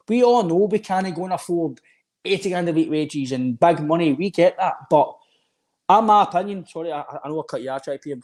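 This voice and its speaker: A Scottish man co-hosting a football podcast, talking in an animated, opinionated way and pushing his point over the other speaker. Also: fairly high pitch. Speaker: podcast co-host. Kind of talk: casual football chat.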